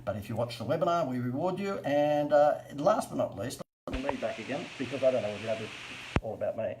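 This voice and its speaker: A man's voice: mid-range voice, expressive, fairly quick, a little mellow, slight background noise, rough recording. An Australian man hosting a casual live stream, coaching businesses on marketing in a chatty, joking, self-mocking way.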